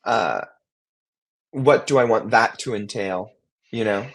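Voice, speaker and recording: A man's voice: fairly low pitch, slow pace. A man in his twenties, co-hosting a podcast in casual chat, rambling with many restarts and fillers. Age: 20s. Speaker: co-host.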